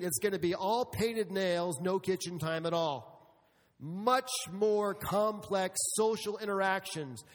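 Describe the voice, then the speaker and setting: A man's voice: sits high, big-room sound. A middle-aged man preaching a sermon to a congregation, telling stories with humor and speaking to the room. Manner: storytelling with humor, addressing the congregation. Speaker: pastor.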